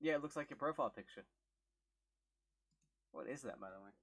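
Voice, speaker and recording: A man's voice: medium pitch, expressive, brisk, a bit bright, slightly rough, no room sound, clean studio sound. A man chatting casually on a live stream, reading out viewer messages with wry remarks.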